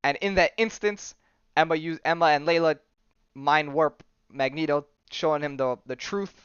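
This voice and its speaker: Man, podcast host, casual comic recap, smooth voice, a bit high, dull lo-fi sound, dry. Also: moderate pace, dry recording. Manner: animated retelling, quoting characters, laughing often.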